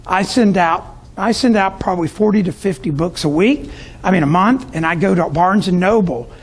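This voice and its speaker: A middle-aged man with a fairly high, husky voice addresses a room of business owners. He tells sales stories and slips into his customers' voices as he goes. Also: normal speed. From Tampa, Florida. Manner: storytelling, acts out the voices of customers. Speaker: business speaker. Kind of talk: sales talk to a live audience.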